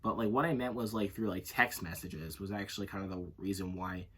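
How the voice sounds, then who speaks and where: A man's voice: low-pitched, fairly even intonation, a little fast, husky. A man giving a casual, unscripted movie review, rambling and correcting himself as he goes. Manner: rambling, self-correcting, leans on filler phrases.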